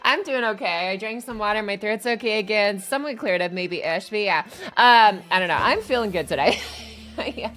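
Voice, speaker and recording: Excitable rambling streamer woman, bright tone. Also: mid-range voice, normal speed, soft background music. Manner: rambling, excitable, laughs often. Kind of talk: casual live-stream chat.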